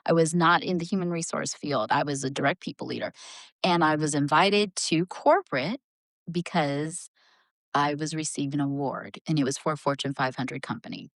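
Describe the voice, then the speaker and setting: A middle-aged woman and HR leader, a podcast guest, telling a story in a lively conversational way. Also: deep voice, moderate pace, dry recording. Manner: animated, acts out voices in her stories.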